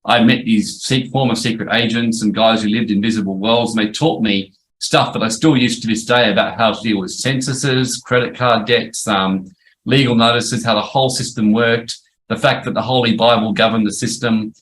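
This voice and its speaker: A man's voice: on the low side, steady tone, normal speed, fairly bright tone, a little hiss or hum, low-quality recording. A middle-aged man, a former lawyer presenting a webinar course in a chatty, storytelling way. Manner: chatty storytelling, frequent restarts and "yep".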